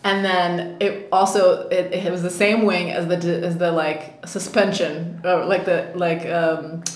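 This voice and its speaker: A woman's voice: lowish voice, little pitch movement, unhurried. A woman in her thirties, an actress being interviewed, telling stories in a chatty way with lots of laughs and fillers. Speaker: actress guest. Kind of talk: casual interview storytelling. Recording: echoey room.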